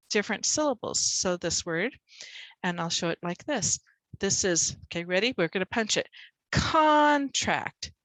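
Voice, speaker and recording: A woman's voice: medium pitch, fairly bright tone, no echo, rough recording. Woman, tutor, casual teaching talk, punches stressed words, video call, dry close sound. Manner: conversational, demonstrates stressed words with extra punch. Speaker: reading and spelling tutor. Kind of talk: explaining teaching method to other teachers.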